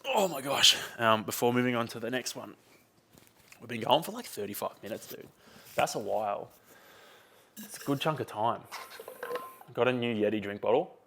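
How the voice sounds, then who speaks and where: A man's voice: medium pitch, lively intonation, normal speed, vocal fry, pauses often, fairly bright tone, slight background noise. A young man, chatting casually and rambling on his own podcast. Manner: rambling, chatty, uses slang like mate and dude. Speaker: podcast host. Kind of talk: casual solo podcast chat.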